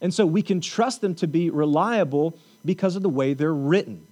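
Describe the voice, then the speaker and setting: High-voiced man preaching a casual sermon. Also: moderate pace, a little mellow. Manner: conversational, checks in with repeated "okay?", joking asides. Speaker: pastor.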